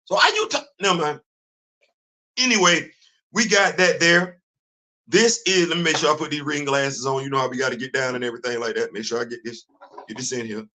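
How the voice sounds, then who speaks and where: Bright-voiced animated man hosting comics talk. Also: medium pitch, fairly quick, poor audio. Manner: animated, repeats phrases, voice jumps up when worked up. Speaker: comics show host. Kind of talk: casual commentary to viewers.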